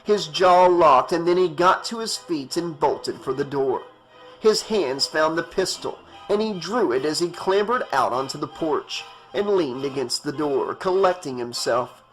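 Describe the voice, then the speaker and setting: A man's voice: on the high side, lively intonation, a little slow, faint music behind, rough recording. A man reading a horror novel aloud as an audiobook narrator, in a tense, dramatic way.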